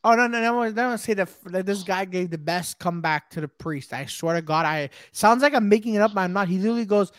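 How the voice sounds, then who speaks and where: A man's voice: high voice, fast, few pauses, no room sound, clean studio sound. A man co-hosting a podcast in casual chat, telling stories animatedly with plenty of swearing and reading out viewer comments. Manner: animated storytelling, swears, acts out quoted voices. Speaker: podcast co-host.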